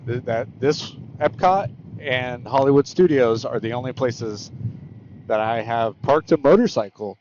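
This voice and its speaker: A man's voice: mid-range voice, unhurried, a little mellow, muffled recording, slight background noise. A man chatting casually while riding a motorcycle, rambling and correcting himself with plenty of fillers. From United States. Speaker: motorcycle vlogger. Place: on a motorcycle on open roads.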